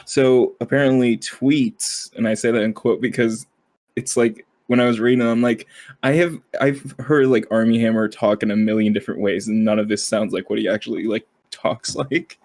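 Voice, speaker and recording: A man's voice: medium pitch, steady tone, moderate pace, a little mellow. A man co-hosting a casual podcast chat, rambling with lots of fillers and frequent laughter. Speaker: podcast co-host.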